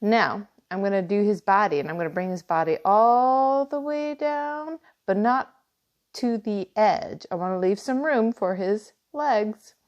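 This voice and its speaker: A woman walks viewers through a cartoon drawing, step by step. Her voice sits at a middle pitch. She explains each stroke gently as she draws. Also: measured pace, highs cut off. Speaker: art teacher. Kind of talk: drawing tutorial.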